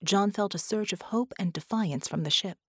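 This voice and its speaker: A woman reading an audiobook in a measured, dramatic narration. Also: medium pitch, husky, no echo, clean studio sound. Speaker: audiobook reader.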